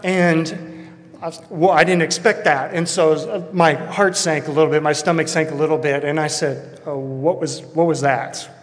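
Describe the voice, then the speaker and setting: A man's voice: fairly high pitch, fairly even intonation, moderate pace, in a large hall. A man from Texas, preaching as a pastor and telling a personal story in an earnest, reflective way. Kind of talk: sermon.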